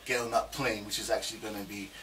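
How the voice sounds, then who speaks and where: A man's voice: fairly low pitch, fairly even intonation, sharp tone. A man from Zambia narrating a comedy skit, stumbling and repeating his words, recorded from a distance. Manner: halting, repeats words, mixes languages. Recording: distant mic with faint background noise.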